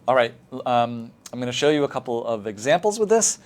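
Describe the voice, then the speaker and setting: A middle-aged male lecturer gives a teacher-training talk in a relaxed, explanatory way, heavy with fillers. His voice is mid-pitched and he speaks fairly quickly.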